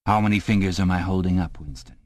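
A man reading an audiobook, voicing a cold, patient male interrogator who speaks slowly and lectures in measured tones. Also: low-pitched, no room sound, lightly acted. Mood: coldly probing.

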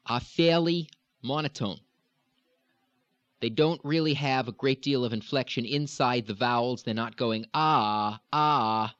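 A man's voice: mid-range voice, no room sound. Man teaching accents, dull dry recording. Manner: measured and explanatory, drawn-out demonstration sounds. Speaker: dialect coach. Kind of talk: instructional lecture.

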